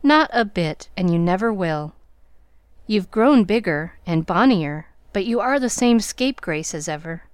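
A woman's voice: mid-range voice, expressive, unhurried, clean tone, no echo, studio quality, close to an everyday voice. A woman voicing a spirited, impulsive young woman who exclaims and teases in an audiobook reading. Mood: excited teasing.

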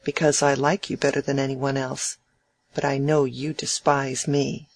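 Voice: medium pitch, flat delivery, moderate pace, close to an everyday voice. A reader doing idle, proud young man Fred. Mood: sulky. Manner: brash, emphatic. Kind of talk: audiobook dialogue reading.

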